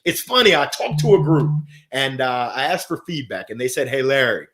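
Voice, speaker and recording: A middle-aged man hosting a live motivational stream, reading viewer comments aloud in an upbeat, animated way. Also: mid-range voice, normal speed. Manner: upbeat and animated, swinging from soft to loud. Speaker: host of a weekly motivational livestream.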